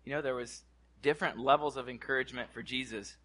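Bright-voiced man preaching a sermon. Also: medium pitch, fast. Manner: animated, repeats words, asks the congregation questions. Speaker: pastor. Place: church hall.

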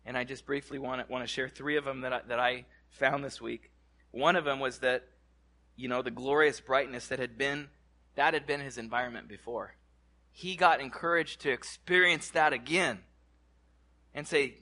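A man preaching to his congregation in a church, animated, repeating words and asking the room questions. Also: medium pitch, normal speed. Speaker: pastor. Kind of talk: sermon. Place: church hall.

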